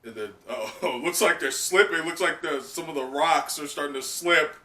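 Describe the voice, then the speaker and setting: A man's voice: a little high, moderate pace, pushed and bright. A man hosting a live comic reaction, talking casually with laughs and many fillers. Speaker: host. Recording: echoey room, distant mic.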